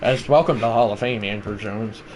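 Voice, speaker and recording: A man live-streaming a baseball video game, chatting to viewers and breaking into loud play-by-play calls. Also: lowish voice, a little fast, slight background noise, low-quality recording. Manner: rambling chat to viewers, bursting into shouted play-by-play calls. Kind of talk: live game commentary and chat.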